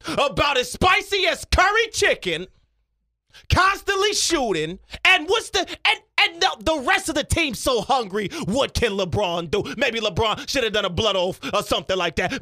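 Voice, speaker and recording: A man voicing a loud, brash male sports pundit who preaches and swings between shouting and hushed asides, in a radio studio. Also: very high-pitched, no echo, heavily acted. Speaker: comedian doing an impression.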